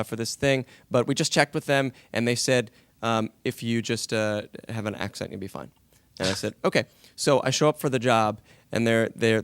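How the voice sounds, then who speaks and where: A man in his thirties spins a story as a voice actor on a panel. His voice is smooth and resonant, and the sound is close and dry. He acts out every line he quotes. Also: medium pitch, no room sound. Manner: animated anecdote, acting out quoted lines.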